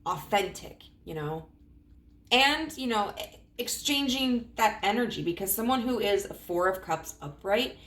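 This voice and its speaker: A woman in her thirties gives a casual tarot reading, rambling with many fillers and often clearing her throat as her voice cracks. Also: medium pitch, a bit bright. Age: 30s. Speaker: tarot reader.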